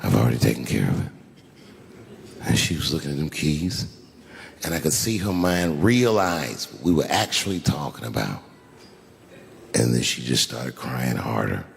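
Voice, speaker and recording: Animated male stand-up comic in a hall. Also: extremely low pitch, moderate pace, gravelly. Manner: animated storytelling, acts out other people's lines. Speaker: stand-up comedian. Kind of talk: stand-up comedy set. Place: theater stage before a live audience. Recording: live stage recording with crowd and hall echo.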